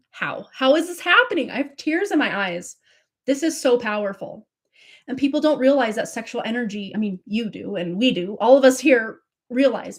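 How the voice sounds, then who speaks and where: A woman reading tarot cards on a livestream, effusive and gushing, full of spiritual talk and filler words. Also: a little high. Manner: effusive, breathless, spiritual, many likes and fillers. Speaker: tarot reader hosting a livestream.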